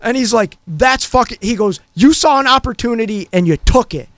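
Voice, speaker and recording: A man's voice: extremely high pitch, lively intonation, brisk, fairly bright tone, no room sound. A man co-hosting a radio talk show, telling stories in a loose, rambling way with plenty of fillers. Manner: rambling storyteller, many fillers. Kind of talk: casual chat.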